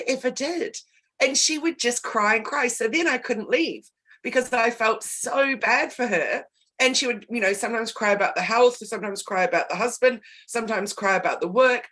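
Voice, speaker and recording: A woman's voice: fairly high pitch, normal speed, a bit bright. A woman co-hosting a casual chat on a video call, telling a story candidly and laughing in the middle of her sentences. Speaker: co-host.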